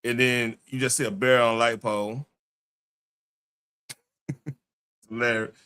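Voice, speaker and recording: A man's voice: mid-range voice, steady tone, measured pace, bright, forceful tone, clear, resonant tone. A man hosting a casual podcast, chatting loosely with slangy phrasing and frequent restarts. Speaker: podcast host. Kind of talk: casual chat.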